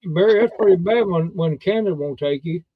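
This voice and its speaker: A man's voice: high-pitched, fairly quick, no echo, phone-quality sound. A man co-hosting a live chat, teasing and repeating words for laughs. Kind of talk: joking casual chat.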